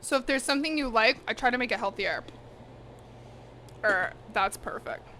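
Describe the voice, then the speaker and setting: Woman streamer in her kitchen, bright sharp voice a bit high, blunt chatty, swears, eats while talking. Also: expressive, normal speed, slight background noise. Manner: talks with her mouth full. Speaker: cooking streamer host. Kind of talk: casual live-stream chat while eating. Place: home kitchen.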